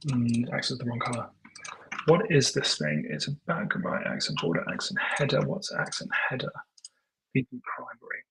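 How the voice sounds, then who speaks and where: A man thinking aloud while he live-codes, muttering and halting, full of ums and self-corrections, now and then dictating prompts to the computer. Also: mid-range voice, fairly even intonation, creaky, a bit bright, poor audio. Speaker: tech founder live coding.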